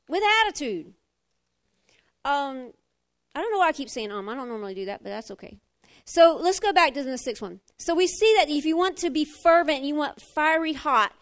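A middle-aged woman preaching a sermon, animated, swinging from emphatic fire down to quiet talk. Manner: animated, rising to emphatic fire then dropping low.

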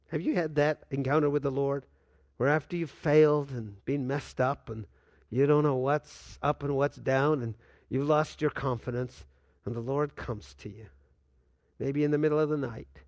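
An older man preaching a sermon as a pastor, swinging between loud and hushed delivery and acting out quoted dialogue. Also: fairly high pitch, unhurried, dry recording. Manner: acts out dialogue with God in quoted voices.

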